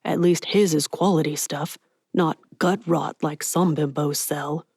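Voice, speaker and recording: A woman's voice: deep voice, steady tone, unhurried, creaky, darkish tone, slightly rough, no echo, studio quality, exaggerated voice. A woman voicing a blunt, streetwise 1920s gangster. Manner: blunt, clipped tough-guy slang. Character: streetwise 1920s gangster man, gruff but protective. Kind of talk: audiobook character voice.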